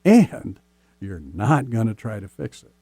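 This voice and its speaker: A man hosting a relationship podcast as a coach, speaking gently and slowly, often ending points with "right?". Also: fairly low pitch, very animated, breathy edge, no echo, studio quality. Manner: gentle, slow, many "right?" tags. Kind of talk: casual podcast advice.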